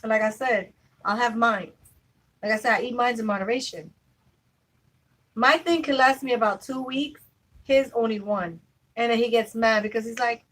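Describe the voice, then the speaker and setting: Chatty woman vlogger, higher voice. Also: normal speed, long pauses, a bit bright, rough recording. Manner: chatty, storytelling, laughs easily. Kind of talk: casual chat to camera. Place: at home with family nearby.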